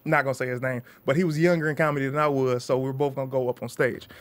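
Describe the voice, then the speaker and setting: A man's voice: mid-range voice, fairly even intonation, rapid-fire. A man in his twenties from Detroit, a comedian telling stories in a casual interview and acting out the voices of the people in them. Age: 20s. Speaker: comedian guest.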